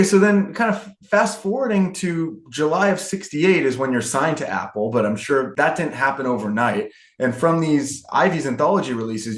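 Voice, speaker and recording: A man hosting a music interview, asking eager questions, laughing often and saying yeah a lot. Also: mid-range voice. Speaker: podcast host, interviewer. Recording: roomy echo.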